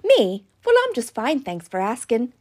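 Woman vlogger chatting to her viewers, high voice that bounces around a lot, playful. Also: huge pitch swings, normal speed, darkish tone. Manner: playful, chatty, addresses viewers as "love bugs". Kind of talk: casual storytelling monologue to camera.

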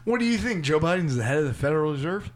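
A man co-hosting a podcast in casual chat, halting, full of restarts and "like". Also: a little high, expressive.

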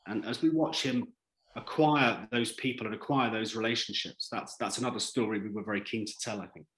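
A man who co-wrote a drama series, answering interview questions in an animated, thoughtful way. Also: on the low side, brisk, reverberant, rough recording. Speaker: series writer.

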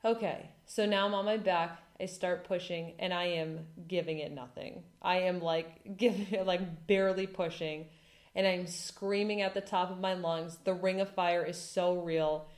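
Woman, 30s, casual host; lively, dramatic storyteller; roomy echo. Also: fairly low pitch, normal speed. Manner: animated, dramatic retelling with lots of "like". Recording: echoey room.

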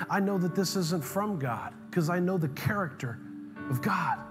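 A man preaching a sermon as pastor, animated and emphatic, telling humorous stories to make a point. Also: sits high, moderate pace. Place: church sanctuary. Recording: long hall reverb, faint music.

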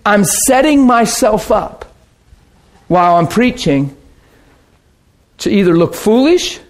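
A man preaching and telling a story to a congregation, animated and quick to laugh, with bursts of sound effects. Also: sits high. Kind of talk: sermon storytelling.

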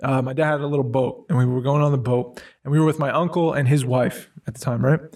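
A man's voice: mid-range voice, steady tone, quick pace, a little mellow. A man talks casually and rambles through his stories, circling back with fillers and restarts. His voice sits in a middle register. He sounds slightly distant from the microphone. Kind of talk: casual conversation.

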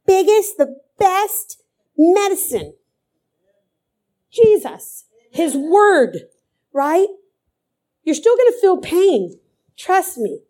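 Middle-aged woman preaching, high but mellow voice, keeps repeating lines for emphasis. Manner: fervent, repeats phrases for emphasis. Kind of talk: sermon.

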